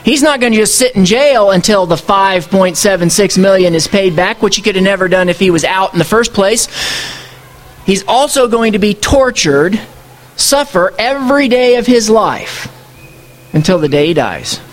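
High-voiced man preaching conversationally. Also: expressive, normal speed. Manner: conversational preaching with rhetorical questions. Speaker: pastor. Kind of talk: sermon.

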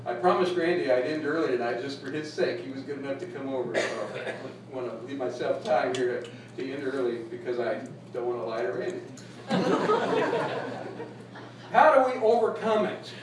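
A man with a medium-pitched voice preaches a little fast with few pauses, giving a folksy, humorous sermon and chuckling at his own jokes. The pastor sounds distant, in an echoey space with faint noise.

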